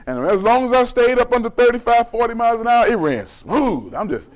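High-voiced folksy male pastor preaching. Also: big pitch swings, fairly quick. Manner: conversational, folksy preaching with humor and call-and-response. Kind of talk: sermon.

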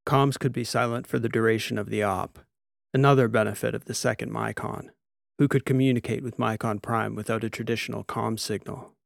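A man narrating a sci-fi audiobook in a steady, even storytelling voice. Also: on the low side, fairly quick, vocal fry, no echo, clean studio sound.

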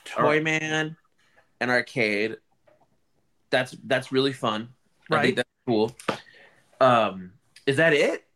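A man hosting a casual chat, talking in an animated way with many quick restarts. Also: mid-range voice, slight background noise. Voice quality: animated, stammering restarts, lively storyteller. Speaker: podcast host.

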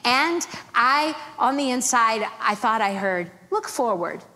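A middle-aged woman, a guest minister, telling a lively storytelling sermon, acting out other people's voices and laughing often. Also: fairly high pitch, takes it slowly. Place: church sanctuary. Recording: reverberant church hall, faint background noise.

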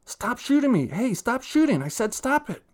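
A man voicing a loud, angry ten-year-old boy who yells at an online game. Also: extremely high pitch, sing-song, moderate pace, voice pushed up. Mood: yelling. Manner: yelling, whiny.

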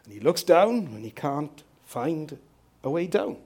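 A man preaching a sermon as pastor in a church, telling stories lively and asking rhetorical questions. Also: a little high, unhurried.

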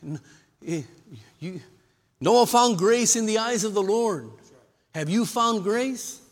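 A man preaching a lively sermon to his church, calling for amens and joking with the congregation. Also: high-pitched, slow. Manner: lively preacher with call-and-response and humor. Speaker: pastor. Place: church sanctuary. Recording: long reverb of a church hall.

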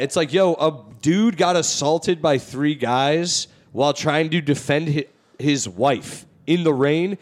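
A man's voice: a little high, takes it slowly, few pauses. A young man hosting a podcast, telling a profanity-laden story and acting out the people in it. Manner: profane storytelling, animated reenactments. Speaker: podcast host. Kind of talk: casual podcast chat.

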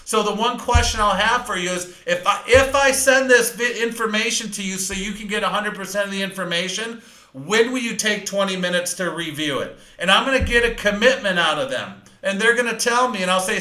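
Brief: energetic male sales coach, high bright voice, punchy and fast, roomy echo. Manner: fast-talking, energetic, emphatic. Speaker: sales trainer. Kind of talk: live training talk.

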